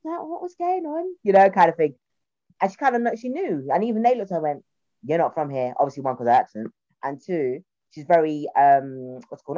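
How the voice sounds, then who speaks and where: A young woman with a South London accent and a very deep voice chats casually, animatedly telling stories and acting out quoted voices. The recording is muffled, with no echo.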